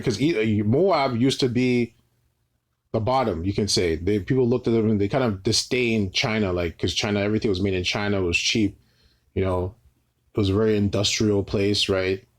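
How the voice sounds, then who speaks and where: A man with a fairly low voice reads scripture aloud and explains it in loose, conversational teaching. He keeps tagging his points with "right?" and often stumbles and restarts mid-phrase. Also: unhurried. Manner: repeats "right?" as a tag, frequent restarts. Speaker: Bible teacher.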